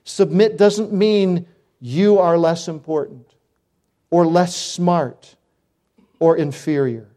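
Folksy preaching man, mellow tone. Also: fairly high pitch, takes it slowly, pauses often. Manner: folksy, emphatic preaching with rising exhortations. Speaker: pastor. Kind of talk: sermon.

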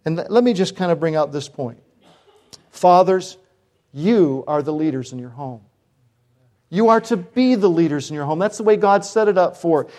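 Male pastor, middle-aged, warm dark tone, folksy emphatic sermon delivery. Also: high-pitched, expressive, moderate pace. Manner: folksy, emphatic preaching with rising exhortations.

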